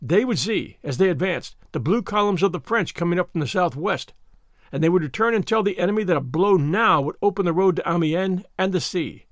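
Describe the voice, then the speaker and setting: A man narrating a novel in the first person, measured and earnest. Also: sits high, no room sound, clean studio sound. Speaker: audiobook narrator. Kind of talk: scripted narration.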